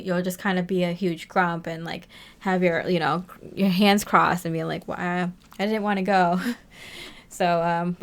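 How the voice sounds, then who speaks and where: A woman giving a casual tarot reading to her viewers, chatty and rambling, with many fillers and frequent laughs. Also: fairly low pitch. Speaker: tarot reader.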